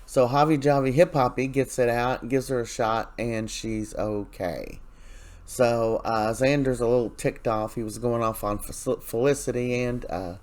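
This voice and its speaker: A man's voice: mid-range voice, a little mellow. A man hosting a casual soap opera recap, retelling scenes in loose quotes and giving his own blunt opinions.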